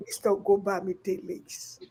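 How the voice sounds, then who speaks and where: Animated African woman hosting a talk show. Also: mid-range voice, unhurried, creaky, a little hiss or hum. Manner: animated, laughs often, emphatic questions. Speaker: host. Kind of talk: casual talk show discussion.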